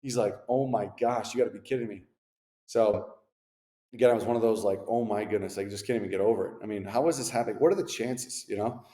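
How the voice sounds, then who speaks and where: Speaking at a quick pace in a lowish voice, this man in his thirties, once a hockey player, shares relaxed anecdotes as a guest in a casual interview. He's animated and drops slangy asides. The room is echoey, with long reverb.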